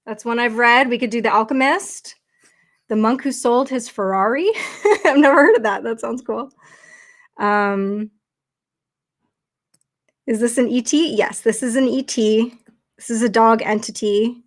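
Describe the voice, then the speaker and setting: A woman's voice: fairly high pitch, unhurried, pauses often. A woman hosting a casual livestream, talking chattily and rambling with lots of fillers into her computer mic. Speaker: livestream host.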